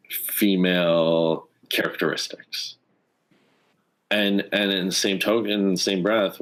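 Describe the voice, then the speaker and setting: A Canadian former hockey player in his thirties, telling a personal story in an interview in an earnest, animated way and acting out the dialogue. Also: sits low. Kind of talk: conversational storytelling.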